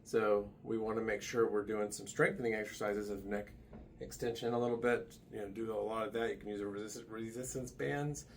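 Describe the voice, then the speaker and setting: A man's voice: on the low side, fairly even intonation, fairly quick, slight background noise. A man working as a massage therapist, giving a casual hands-on demonstration with loose, chatty asides in a massage room. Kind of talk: hands-on instructional demo.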